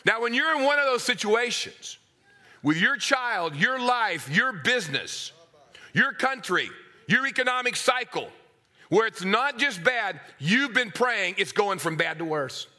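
A middle-aged man preaching a sermon, swinging from hushed asides to loud, acted-out voices. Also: high-pitched, big pitch swings, unhurried.

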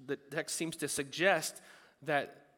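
A man preaching a sermon in a lively, animated way, breaking into loud bursts when he acts out what people think. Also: on the high side, slow, in a large hall. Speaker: pastor.

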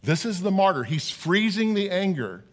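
A man's voice: sits high, sing-song, normal speed. A middle-aged man preaching a sermon as pastor, earnest and often repeating words as he talks.

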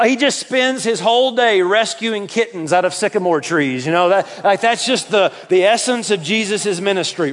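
Southern guy preaching, high voice, gets loud then goes quiet, cracks jokes. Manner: emphatic, jokey, swings between loud and soft. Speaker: pastor. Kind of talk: sermon.

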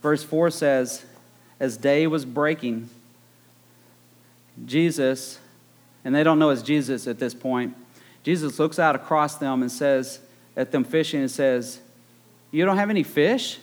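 A man's voice: medium pitch, steady tone, measured pace, pauses often. A man preaching a conversational sermon, retelling the story with joking asides.

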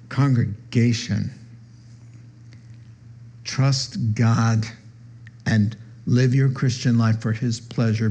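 A man's voice: a little mellow, husky. A man preaching a sermon in a conversational way, acting out the voices of the people he quotes. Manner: conversational, acts out quoted voices with rising pitch. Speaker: pastor. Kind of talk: sermon teaching.

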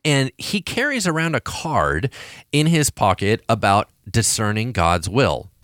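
A man who is a pastor and podcast co-host, telling stories in a casual, animated way, acting out quoted voices. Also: medium pitch, unhurried, no room sound, studio quality. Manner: animated storyteller, acts out quoted voices, frequent restarts.

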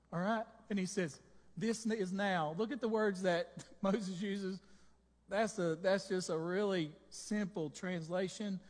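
A man preaching to his congregation, high in pitch and lively, tossing out jokes and questions. His voice rings with the long reverb of a church hall. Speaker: pastor. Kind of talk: sermon.

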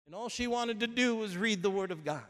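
A man preaching a sermon, moving between quiet storytelling and loud, shouted exhortation, with long reverb from a church hall. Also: high-pitched, lively intonation, brisk.

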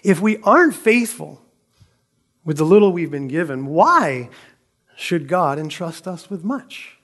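Lively, high-pitched male preacher. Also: a little slow. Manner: emphatic, dramatic reading of scripture, rhetorical questions. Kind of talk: sermon.

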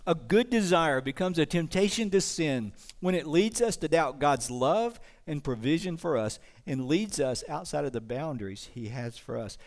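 Brief: a male pastor with a slightly high voice, preaching earnestly to a church congregation. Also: expressive, moderate pace, hardly any pauses. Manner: earnest, asks the congregation questions. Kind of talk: sermon.

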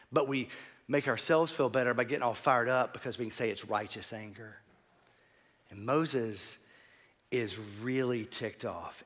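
A man preaching a sermon as pastor, animated, swinging from quiet asides to loud emphasis. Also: mid-range voice, big-room sound.

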